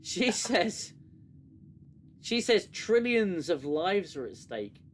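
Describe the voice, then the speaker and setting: A man's voice: high voice, very animated, takes it slowly, a little hiss or hum. A man hosting a casual review chat, sarcastic and exasperated, often restarting his sentences. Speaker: podcast host.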